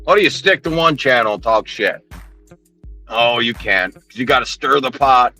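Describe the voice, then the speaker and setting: A man's voice: mid-range voice, lively intonation, moderate pace, pushed and bright, soft background music. A man ranting heatedly on a livestream, swearing constantly, mocking and confronting people while he answers his chat.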